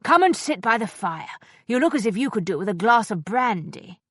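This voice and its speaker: A woman voicing an elegant silver-haired older gentleman who speaks with dry, courtly amusement, in a lively, fairly high voice in a dry room. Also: moderate pace, no room sound. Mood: amused.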